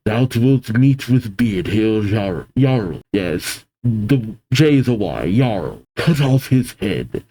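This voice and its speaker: A man voicing a cold, commanding ancient ruler who speaks in slow, solemn, archaic phrases. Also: very animated, mellow, exaggerated voice. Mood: menacing. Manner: low, solemn, archaic speech.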